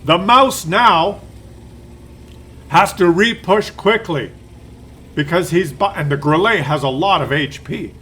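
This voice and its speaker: A man's voice: on the high side, slow pace, long pauses, sharp tone, slight background noise. A man giving casual, playful commentary on a tank game replay, rambling and teasing as he goes.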